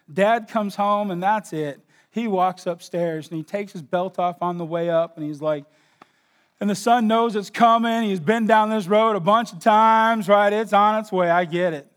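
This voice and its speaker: A man preaching a sermon, telling a story and rising into impassioned emphasis. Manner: storytelling, drops to a hushed low voice for emotional moments. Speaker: pastor.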